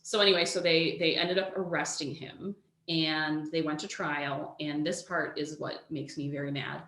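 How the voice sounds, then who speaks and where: A woman with a lowish voice tells a true-crime story to her co-host in a relaxed, chatty way. She is animated, swears casually and leans on "like" all the time. The recording has a roomy echo. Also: moderate pace. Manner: animated, swears freely, says "like" a lot.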